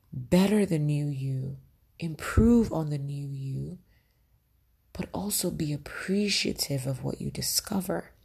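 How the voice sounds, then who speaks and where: A woman's voice: low voice, gravelly, dark tone, breathy edge. A woman hosting a podcast, giving earnest motivational advice on love and speaking straight to her listeners, often checking in with "right?". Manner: earnest, addresses listeners directly with frequent "right?". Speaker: podcast host.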